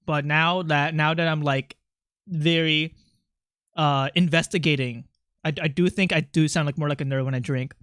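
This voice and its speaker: A streamer talking through a voice changer in casual livestream chat while gaming, excitable and rambling, laughing often and reacting to chat. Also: medium pitch, moderate pace, smooth, no room sound, clean studio sound.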